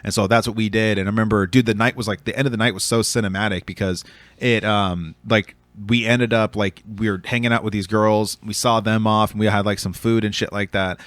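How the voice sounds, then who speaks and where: Fast-talking profane podcast host man. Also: on the low side, no room sound. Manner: fast, profane, animated storytelling. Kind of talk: casual storytelling chat.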